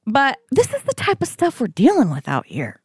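A woman around thirty co-hosting a podcast, chatting casually and telling stories with lively acted-out quotes. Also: high-pitched, normal speed, slightly rough, no room sound, clean studio sound. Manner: animated storytelling, acting out quotes. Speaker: podcast co-host. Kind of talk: casual chat.

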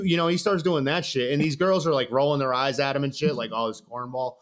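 A man's voice: a little high, fairly quick, hardly any pauses. A young man in casual chat, telling a story with lots of slang and acting out each side of it. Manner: animated, acts out both sides of the story with slang.

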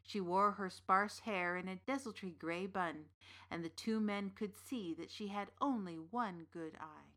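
A woman playing an old witch who narrates a folktale in a measured, deliberate way. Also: medium pitch, a bit bright, close to an everyday voice. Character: old witch storyteller, knowing and dry. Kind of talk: scripted storytelling narration.

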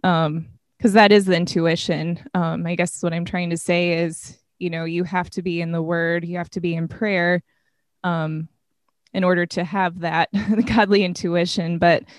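A woman's voice: lowish voice, little pitch movement, a little slow, no echo, studio quality. A woman in a casual faith conversation, talking reflectively with many "you know" fillers.

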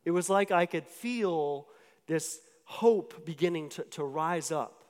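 A man's voice: on the high side, slow pace. Chatty male preacher, echoing hall. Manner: conversational storytelling with many restarts and asides. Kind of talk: sermon. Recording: long hall reverb.

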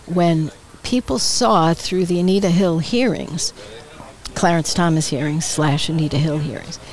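An older woman, a retired politician, chatting as a guest in an interview on an outdoor patio, telling stories with animated quoted voices and frequent laughs. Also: low-pitched, a little slow, poor audio. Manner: lively storyteller, acts out quoted voices, laughs often. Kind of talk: casual interview chat.

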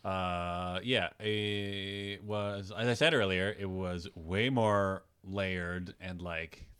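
A man's voice: low-pitched, steady tone, extremely slow, a bit bright, clean tone. A man co-hosting a podcast, chatting casually in a rambling, joking way. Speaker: podcast co-host. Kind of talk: casual chat.

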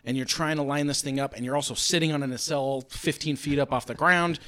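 A middle-aged man co-hosting a casual podcast chat, telling stories with lots of swearing and acting out quotes loudly. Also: mid-range voice, fast, no room sound. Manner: animated storyteller, swears, acts out shouted quotes. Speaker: podcast co-host.

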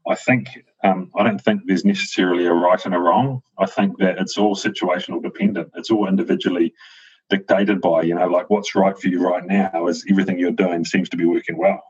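A man's voice: sits low, steady tone, fairly quick, slightly rough. A man, a guest on a talk show, speaking reflectively with many fillers and restarts. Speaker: guest, avocado farmer. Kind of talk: casual conversation. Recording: dull lo-fi sound.

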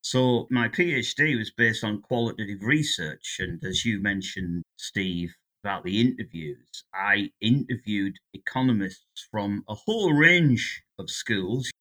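A man's voice: lowish voice, lively intonation, a little slow, hardly any pauses, sharp tone. An English man in his sixties, a guest economist telling stories in a chatty, anecdotal way during a casual interview. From England.

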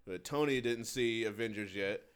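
A man's voice: lowish voice, moderate pace, clear, resonant tone. A man co-hosting a casual chat about movie ratings, laid-back and slangy, laughing often. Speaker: podcast co-host.

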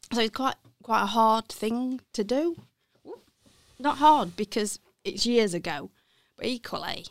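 Middle-aged Birmingham woman, gravelly edge, dry close mic, candid interview talk. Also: medium pitch, no room sound. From West Midlands, England. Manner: candid, self-correcting, laughs softly. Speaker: interview guest, accounting firm partner. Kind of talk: reflective interview chat.

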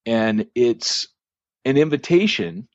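A man's voice: medium pitch, very animated, slow pace, no room sound, dull audio. A man hosting a church planting podcast, telling a long story casually, with lots of fillers and restarts.

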